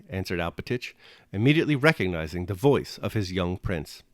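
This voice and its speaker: A man reading a classic novel aloud in measured, expressive narration, then reflecting on the chapter. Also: low voice, no echo, clean studio sound. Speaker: reader and commentator.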